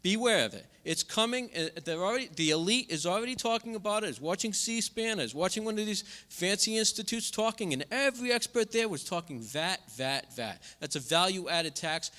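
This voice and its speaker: Impassioned man in an echoing hall. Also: bright, forceful tone. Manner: impassioned, repetitive, drops pitch on asides. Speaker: congressional candidate. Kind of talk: campaign forum speech. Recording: reverberant hall.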